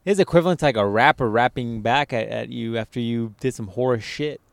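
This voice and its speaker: A man riffing on a podcast in crude, swear-laden banter, animating his stories with quick put-on voices. His voice is smooth and resonant at a middle pitch. The sound is dry and close, with no room around it. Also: no echo. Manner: loose, swearing, animated storytelling. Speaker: podcast co-host.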